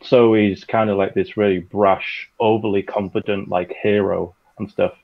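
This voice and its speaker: A man with a low, gravelly voice chats loosely and rambles, full of fillers. His recording sounds a little dull and lo-fi. He is describing his own audio drama production. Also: level tone, normal speed. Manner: rambling, chatty, filler-heavy. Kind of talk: casual chat.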